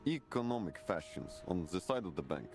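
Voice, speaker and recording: A suave, flowery fashion dealer for a video game. The voice sits low and moves through a lively melodic range. Polished, courteous phrasing carries over steady game music. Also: male voice, a little fast. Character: smooth-talking male fashion dealer, genteel and evasive. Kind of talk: video game character dialogue.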